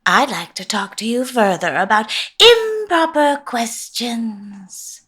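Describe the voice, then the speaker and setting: A woman voicing a menacing, unpredictable substitute teacher in an audio horror story. She speaks in hushed, threatening whispers that suddenly flare into shouts. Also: fairly high pitch, expressive, slow, slightly rough, full character voice. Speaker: voice actor.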